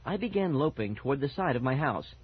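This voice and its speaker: A man narrating a first-person children's story with lively, animated expression. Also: medium pitch, fairly quick, breathy edge. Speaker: audiobook narrator. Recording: dull lo-fi audiobook recording.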